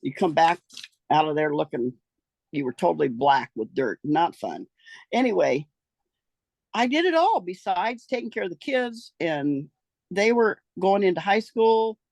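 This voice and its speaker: An older woman from the rural American West, her voice gravelly and rough at the edges. She rambles through her memories in a folksy way, trailing off and restarting her sentences. The recording is close and dry, with no room sound. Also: lowish voice, expressive, a little slow, a little mellow, dry recording. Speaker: interviewee recounting her life. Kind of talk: casual storytelling.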